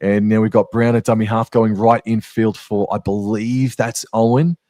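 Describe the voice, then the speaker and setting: A man's voice: on the low side, little pitch movement, moderate pace, dark tone, no echo. A man with an Australian accent co-commentating a live match in a casual, chatty way full of slang. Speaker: sports co-commentator.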